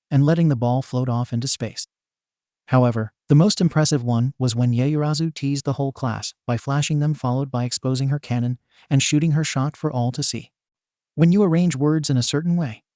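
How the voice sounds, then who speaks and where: A man's voice: medium pitch, mellow, dry recording, clean studio sound. Man narrating a comedy fan story. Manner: wry, tongue-in-cheek narration.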